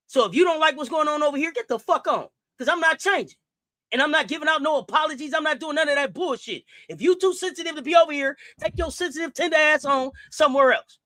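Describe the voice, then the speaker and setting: A woman hosting a sports livestream, delivering a profane, confrontational rant with repeated challenges and shouted bursts. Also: high voice, no echo, clean studio sound.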